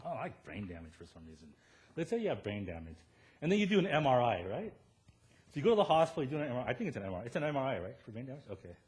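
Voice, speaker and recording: A male pastor preaching a sermon in a church, telling self-deprecating stories and often checking in with "right?" before rising to loud emphatic points. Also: medium pitch, very fast. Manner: animated storytelling, rising to loud emphatic peaks, tag questions "right?".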